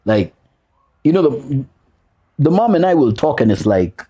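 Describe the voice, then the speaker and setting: Male podcast guest, husky and animated in pitch, earnest and personal. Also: unhurried, long pauses. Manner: heartfelt, repeats key phrases for emphasis; casual slang mixed with earnest reflection. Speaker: podcast guest, single father. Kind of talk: personal storytelling in a podcast interview.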